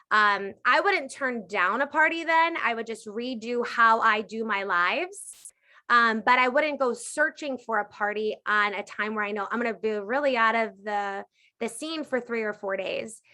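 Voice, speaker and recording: Bright, emphatic woman coaching her team. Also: fairly high pitch. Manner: energetic, emphatic, repeats for emphasis. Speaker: direct sales team leader. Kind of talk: live Q&A coaching.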